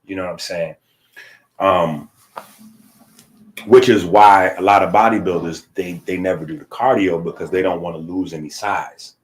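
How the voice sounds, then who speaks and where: A man's voice: low voice, steady tone, normal speed. A man teaching a casual lecture, explaining in a loose conversational way and checking in with frequent "right?" tags.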